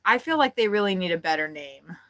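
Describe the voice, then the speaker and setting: A woman's voice: fairly low pitch, sing-song, brisk, a bit bright, poor audio. A woman hosting a casual birdwatching livestream from inside an RV, chatty and playful with frequent giggles. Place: indoors in an RV.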